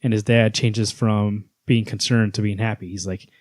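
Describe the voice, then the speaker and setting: Lower-voiced man chatting about comics. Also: level tone, normal speed, darkish tone, no room sound, clean studio sound. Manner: enthusiastic, retells scenes with quoted lines. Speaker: podcast co-host. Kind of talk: casual comic book chat.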